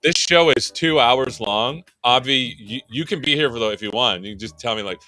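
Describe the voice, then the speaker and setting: A man's voice: mid-range voice, a little fast, hardly any pauses, bright, forceful tone. A man hosting a livestream tech show, chatting casually and joking at his own expense. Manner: joking, self-deprecating. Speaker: show host.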